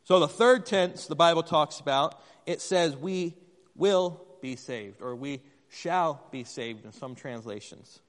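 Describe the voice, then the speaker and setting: A man's voice: fairly high pitch, measured pace. A man preaching a sermon in a church, talking conversationally and putting questions to the congregation. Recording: long hall reverb.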